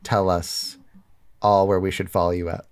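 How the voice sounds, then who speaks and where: A man co-hosting a casual comedy podcast, pitching ideas quickly and playfully. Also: level tone, clean tone. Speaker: podcast co-host.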